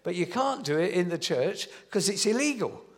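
Male preacher, 70s, chatty storytelling sermon, slightly high, long church-hall reverb. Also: very animated, normal speed. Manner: storytelling, warm and conversational with frequent restarts.

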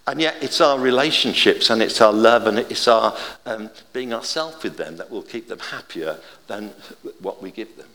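An older man giving an informal, chatty sermon with gentle humour and family anecdotes. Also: on the low side, moderate pace, hardly any pauses, long reverb tail.

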